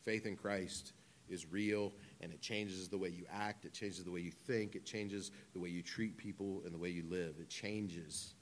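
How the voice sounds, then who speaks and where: A man's voice: deep voice, fairly even intonation, moderate pace, a little hiss or hum. A man in his thirties preaching a conversational sermon, with humorous asides and casual phrasing. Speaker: pastor.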